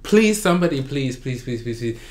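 Excitable man gushing in fan reactions. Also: mid-range voice, moderate pace. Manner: gushing, excitable, shrieks and squeals often. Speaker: reaction video host.

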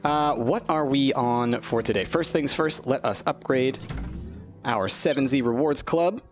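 A man's voice: medium pitch, a little slow, faint music behind. A man hosting a let's-play, chatting casually and animatedly over gameplay and cooing at the game's creatures.

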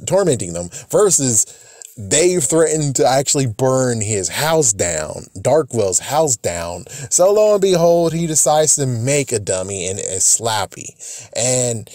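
A man's voice: mid-range voice, very animated, unhurried, darkish tone, no echo, studio quality. A man hosting a casual video, talking in a rambling, hesitant way with restarts. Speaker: video host. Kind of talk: casual chat.

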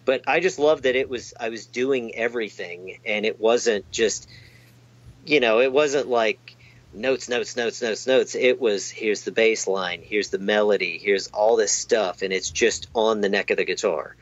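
A man's voice: fairly low pitch, measured pace, lo-fi sound. A man chatting in an interview, rambling and self-deprecating, with lots of fillers and restarts. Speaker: amp technician guest. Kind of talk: casual interview chat.

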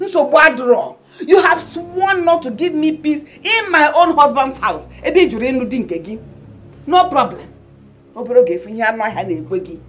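An actress playing a middle-aged Nigerian mother in a film drama, coaxing and chiding her daughter in a husky voice, mixing in Igbo phrases. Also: sits high, animated, normal speed, soft background music.

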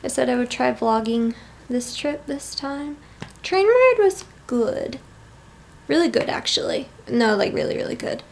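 A woman's voice: on the high side, fairly even intonation, moderate pace, gravelly. A tired young woman chatting casually as she vlogs a tour of a small hotel room, with self-deprecating asides. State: tired and yawning. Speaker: vlogger.

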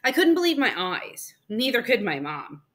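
A woman reading a children's picture book aloud for storytime, expressive and playful, with asides to her young listeners. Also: fairly high pitch, moderate pace.

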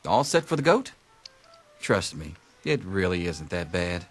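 An actor playing a dry middle-aged teacher who speaks wryly and matter-of-fact. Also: male voice, low voice, big pitch swings, measured pace, soft background music, full character voice.

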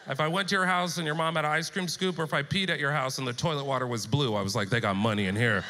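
A man in his thirties doing live stand-up comedy on stage, telling animated stories and acting out the voices of the people in them. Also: fairly high pitch, a little fast.

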